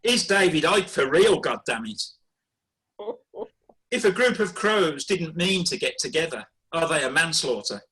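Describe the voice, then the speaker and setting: Bright-voiced man reciting comic verse. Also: a little high, a little slow, rough recording. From Birmingham, England. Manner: deadpan, wry delivery of rhyming jokes. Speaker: performance poet. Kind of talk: comic poetry reading. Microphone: video call.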